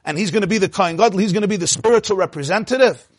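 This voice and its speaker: Husky-voiced man telling a sermon story. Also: high voice, very fast, no echo, clean studio sound. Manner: storytelling, expressive, sprinkles Yiddish and Hebrew phrases. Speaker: rabbi.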